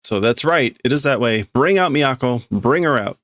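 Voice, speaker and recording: A man's voice: mid-range voice, expressive, moderate pace, fairly bright tone, no echo, studio quality. A man streaming live as he reads a manga aloud and translates it, thinking aloud and hesitating over the words. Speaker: streamer host.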